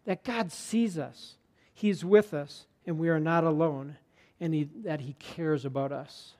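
Male pastor, sermon delivery, slightly high voice, earnest and conversational, hushes for emphasis. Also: a little slow.

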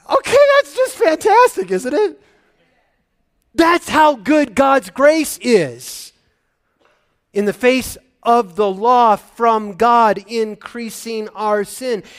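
A middle-aged man, a pastor preaching a sermon, talking with animated swings from loud excitement down to hushed, choked-up moments. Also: very high-pitched, extremely slow, long pauses.

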